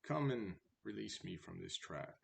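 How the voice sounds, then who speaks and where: A sweet-talking cat from a storybook reading, all flattery and pleading, as a man puts it on. The voice pitches up and pushes louder than the reader's own low, slow delivery. A faint hiss sits behind it. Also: vocal fry, full character voice. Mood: fawning. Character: fawning, flattering cat begging a rat.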